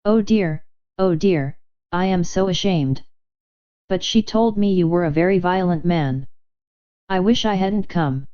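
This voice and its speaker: Woman doing a flustered young lady gushing breathlessly, lowish smooth voice. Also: measured pace, long pauses, dark tone, dull audio, lightly acted. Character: young American woman feigning silly, flustered helplessness.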